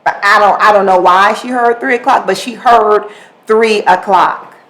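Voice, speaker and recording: A woman's voice: medium pitch, moderate pace, rough recording. A woman hosting a podcast, telling a household story in casual speech, repeating her words and acting out both sides of a conversation. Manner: animated, repeats words, acts out quoted exchanges. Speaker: podcast host.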